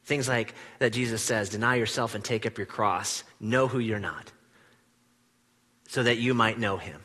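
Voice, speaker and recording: A man preaching a sermon in a church, animated, acting out the quoted lines with big swings from loud to hushed. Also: fairly low pitch, normal speed, big-room sound. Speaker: pastor. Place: church sanctuary.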